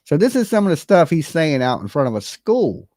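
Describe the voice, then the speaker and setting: A livestream host giving animated, blunt and profane commentary, talking straight to the chat and opening call-in lines. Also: mid-range voice, a little fast, dry recording, clean studio sound. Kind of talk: live-stream commentary with call-ins.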